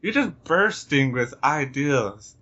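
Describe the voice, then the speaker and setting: A man's voice: medium pitch, animated, slow, sharp tone. A man hosting a podcast in casual chat, joking and laughing often. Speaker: podcast host. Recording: dull lo-fi podcast recording.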